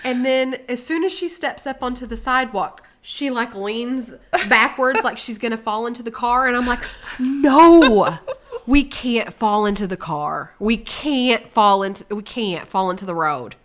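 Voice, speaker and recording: A woman co-hosting a casual chat, telling a story with lively acted-out quotes that rise in volume. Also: a little high, moderate pace, few pauses. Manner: animated, acts out quotes with rising volume. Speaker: co-host.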